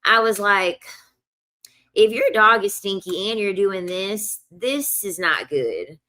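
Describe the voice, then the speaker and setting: A woman's voice: medium pitch, expressive, slow, bright, forceful tone. A young woman telling a casual storytime rant, blunt and profane, repeating lines for emphasis. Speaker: vlogger.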